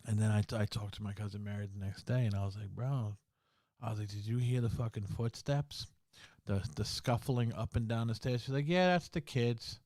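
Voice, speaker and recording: A man hosting a podcast, telling a ghost story in casual talk full of swearing and slang, dropping to a hush in the scary parts. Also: lowish voice, steady tone, a little fast, dry recording, studio quality. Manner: swearing, slangy, full of "bro" and "you know"; drops to a hushed voice in the scary parts. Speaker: podcast host.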